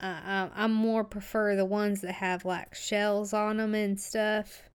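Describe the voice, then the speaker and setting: A woman's voice: mid-range voice, flat delivery, measured pace, clean tone. A woman playing a tabletop game, talking in a hesitant, stammering, apologetic way.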